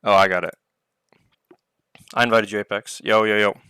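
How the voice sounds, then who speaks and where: A man's voice: on the low side, little pitch movement, moderate pace, bright, forceful tone, smooth, no room sound, studio quality. A man hosting a casual live Q&A over online voice chat, rambling with lots of filler words. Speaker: project owner hosting a community Q&A. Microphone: online voice chat mic.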